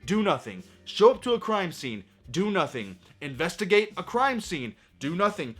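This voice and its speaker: A man's voice: on the high side, sing-song, moderate pace, few pauses, fairly bright tone, soft background music. A man ranting through a movie review, sarcastic and profane, full of exasperation.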